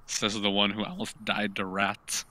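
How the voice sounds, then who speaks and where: A man with a bright, forward voice plays a tabletop game. He talks a lot in casual chat, hesitating and thinking aloud as he goes. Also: on the low side, completely flat delivery, moderate pace, dry recording. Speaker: player.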